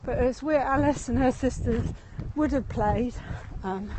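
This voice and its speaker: A high-pitched woman chats her way through a walking tour outdoors, speaking into a handheld phone as she goes. She rambles, laughs often, and sounds slightly out of breath. Faint open-air ambience sits behind her voice. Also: unhurried, background noise. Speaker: tour guide. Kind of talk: live-streamed walking tour. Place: outdoors in a city meadow and gardens.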